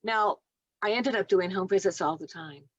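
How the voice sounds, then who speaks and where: A woman in her sixties tells her stories at a mid-pitched, natural speaking level and acts out each exchange in between laughs. The sound is dry and close, slightly dull and muffled. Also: moderate pace, no echo. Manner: animated storyteller who acts out dialogue and laughs often. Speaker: guest, nurse and doula. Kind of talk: storytelling in a podcast interview.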